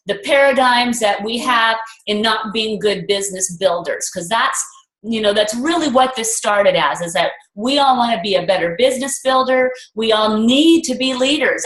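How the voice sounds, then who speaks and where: A woman's voice: on the high side, fairly bright tone, echoey room, low-quality recording. A woman leading a network marketing group on a video call, talking earnestly in a rambling, motivational way and repeating affirmations with emphasis.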